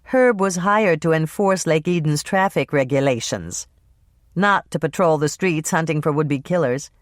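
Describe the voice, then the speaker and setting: An audiobook narrator reading a cozy mystery in a wry, measured storytelling manner. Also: medium pitch, dry recording, studio quality.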